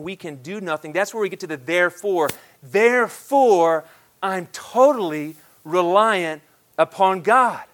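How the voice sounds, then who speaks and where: Impassioned preacher with a high-pitched voice. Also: male voice. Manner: emphatic preaching that swings between loud declarations and hushed asides. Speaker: pastor. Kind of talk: sermon.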